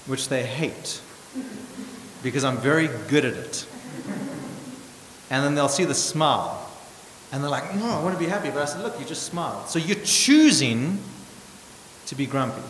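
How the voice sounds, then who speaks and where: A male pastor preaching a sermon with emphatic points and wry asides, swinging from loud stresses to hushed remarks. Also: mid-range voice. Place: church hall. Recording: echoey church hall with hiss.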